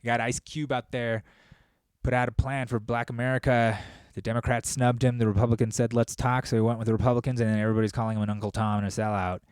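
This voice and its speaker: A man hosting a podcast, talking in a casual, profane, rambling monologue with bursts of animated storytelling. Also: mid-range voice, fast talker, smooth, no room sound, clean studio sound. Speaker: podcast host.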